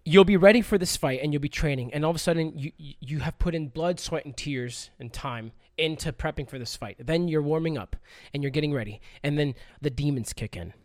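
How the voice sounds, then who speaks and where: A man on a casual podcast, swearing freely and telling stories with lively acted-out quotes. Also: on the high side, brisk, hardly any pauses, no room sound. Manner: profane, animated storytelling with acted quotes. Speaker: podcast guest.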